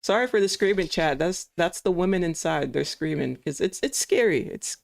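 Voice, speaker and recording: A man hosting a livestream, reacting excitedly and in slang to a broadcast while talking to his chat. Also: high-pitched, moderate pace, vocal fry, poor audio. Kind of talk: casual live reaction chat.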